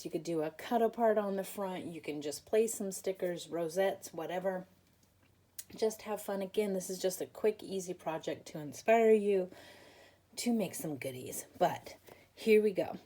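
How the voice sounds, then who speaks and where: A woman with a mid-range, dark-toned voice hosts a laid-back papercraft tutorial. She chats away, pokes fun at herself, and fills her speech with fillers while sounding tired and yawning.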